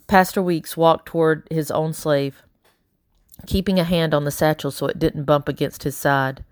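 A woman narrating a first-person audiobook in a steady, quietly dramatic way. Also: sits low, normal speed, no echo, clean studio sound. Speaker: audiobook reader.

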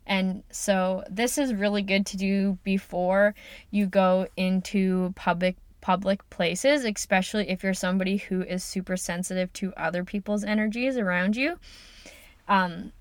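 A woman's voice: mid-range voice, clear, resonant tone, no room sound. A woman hosting her own podcast, talking in a chatty, upbeat way with plenty of "like" and "um". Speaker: podcast host and coach. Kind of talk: casual solo podcast talk.

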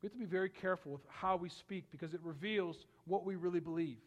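A man's voice: sits high, fast talker, dull audio. A male pastor preaching a sermon, building to emphatic bursts on scripture and often repeating words as he goes. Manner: frequent word repeats and restarts.

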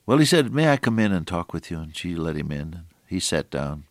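An older man preaching a sermon, moving between hushed storytelling and raised, emphatic exhortation with slow, deliberate phrasing. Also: deep voice, very animated, dry recording, studio quality.

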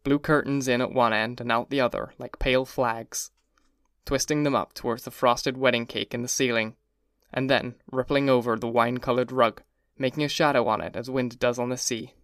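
A man giving a measured, even first-person reading of a classic novel. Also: medium pitch, clean tone, no echo, clean studio sound. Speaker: audiobook narrator. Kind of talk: scripted first-person narration.

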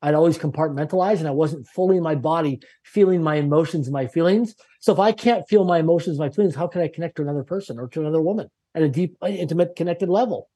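Interview guest: middle-aged man with a husky, fairly high voice, emphatic motivational storyteller. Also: fast, few pauses, mellow. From Canada. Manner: emphatic, repetitive, self-assured.

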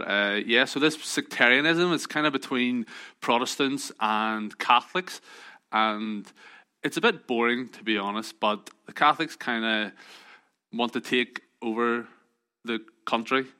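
A man's voice: medium pitch, sharp tone. A man with a Northern Irish accent telling chatty, joking anecdotes to a group in a casual, self-deprecating way. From Northern Ireland. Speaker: speaker addressing a group.

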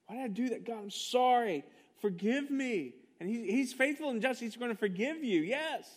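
A man's voice: extremely high pitch, expressive, moderate pace, few pauses. A man preaching a sermon, emphatic and passionate, firing rhetorical questions at his congregation. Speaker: pastor.

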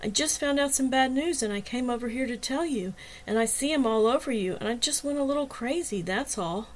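A jealous, sneering male cop barks and jabs his words in a storybook reading, voiced by a woman reader. His delivery is loud and harsh, pushing higher when he gets heated. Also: a little fast, natural voice. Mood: angry sneering.

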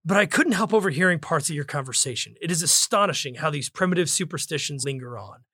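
A man reading out a smug cultured gentleman. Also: on the high side, expressive, fast talker, no room sound, clean studio sound. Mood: condescending. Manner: condescending, lecturing. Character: smug, cultured, clean-shaven man, dismissive intellectual.

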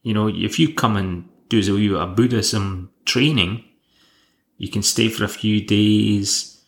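A man's voice: lowish voice, steady tone, unhurried, creaky. A man hosting a podcast, recapping an episode in a dry, wry, casual way. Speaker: podcast host.

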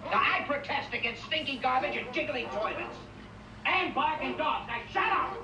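A man's voice: extremely high pitch, expressive, normal speed, dull audio. An actor playing a frazzled middle-aged New York man who is cracking up, ranting and complaining in a film clip. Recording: roomy distant film audio with faint noise.

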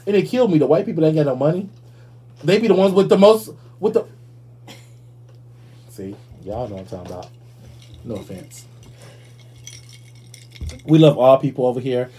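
Sassy man with a husky, mellow voice. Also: a little high, moderate pace, pauses often. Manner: sassy, animated, swears freely. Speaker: podcast host. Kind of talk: casual commentary.

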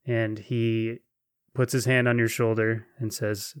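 A man narrating a tabletop role-playing game as game master, with gentle, unhurried descriptions. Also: on the low side, level tone, clean tone, dry recording, clean studio sound.

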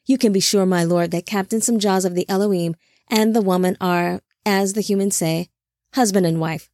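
A woman's voice: medium pitch, steady tone, normal speed, darkish tone, dry recording, studio quality, lightly acted. A woman doing a scheming, boastful fallen angel. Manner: sly, boastful.

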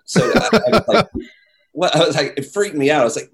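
A man telling a story in casual chat, animated, acting out the voices of the people in it. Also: a little high, a little fast, a loud crowd. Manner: animated, acts out quoted voices, many "like"s.

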